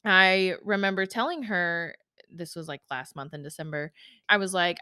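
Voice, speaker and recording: A woman's voice: medium pitch, animated, normal speed, pushed and bright, no echo, studio quality. A woman hosting a podcast, talking casually and emotionally about her own life in a chatty way, full of "like" and "y'all". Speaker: podcast host. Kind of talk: casual personal monologue.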